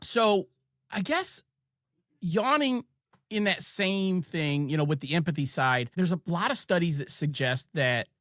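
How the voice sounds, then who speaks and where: A man with an Ohio accent hosting a podcast, chatting casually and telling stories with quick asides. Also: fairly high pitch, expressive, a bit bright, no echo, clean studio sound. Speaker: podcast host.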